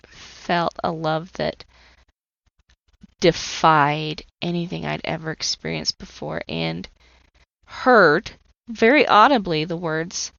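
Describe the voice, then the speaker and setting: A woman in her thirties who coaches people through trauma tells her personal story on her podcast in an earnest, open-hearted monologue. Her lowish voice is gravelly yet fairly bright, in a dry recording that sounds slightly muffled.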